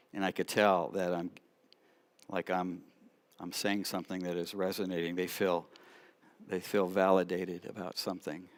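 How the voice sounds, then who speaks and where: A middle-aged man telling stories in a sermon, lively, with sudden quiet asides. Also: on the low side. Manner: animated storyteller, drops to quiet asides. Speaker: rabbi preaching at church. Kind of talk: sermon storytelling.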